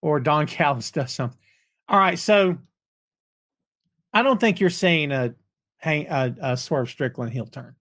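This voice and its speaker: A man hosting a live chat show, talking in an animated, rambling way with folksy slang and chuckles as he reads viewer comments. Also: on the high side, a little slow, pauses often. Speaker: podcast host.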